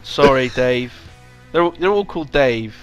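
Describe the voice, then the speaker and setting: A man's voice: medium pitch, animated, measured pace, muffled recording, faint music behind. A man in a casual chat, telling an embarrassing story with giggles.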